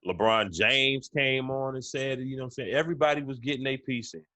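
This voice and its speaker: A man's voice: mid-range voice, a little fast, sharp tone, no echo. A man co-hosting a sports podcast in casual chat, stumbling and repeating words, often saying "you know what I'm saying". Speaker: podcast co-host.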